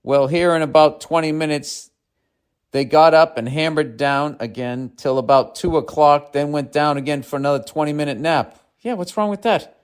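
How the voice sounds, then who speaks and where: A man voicing a gruff, folksy Southern carpenter boss with a put-on Southern accent and a drawling, exasperated manner. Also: on the high side, normal speed, close to an everyday voice.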